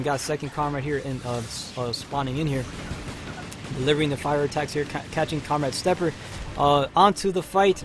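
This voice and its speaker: A man hosting a live stream and commenting on his gameplay, chatty and excitable, calling his teammates comrade. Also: mid-range voice. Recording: faint game music behind.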